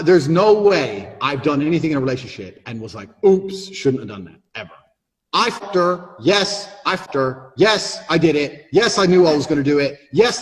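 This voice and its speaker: A brash, emphatic man holds forth as a podcast guest, his voice sitting a little high for a man. He swears freely and hammers his points home. The recording has a roomy echo around it. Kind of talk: blunt podcast talk.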